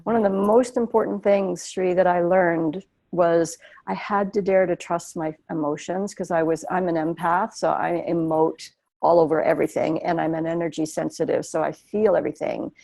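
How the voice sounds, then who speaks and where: Earnest woman guest, low voice with a fry edge, emotive spiritual talk. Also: steady tone, normal speed, dark tone, no echo. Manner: earnest, emotive, speaks in flowing repeated phrases. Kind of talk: heartfelt spiritual conversation.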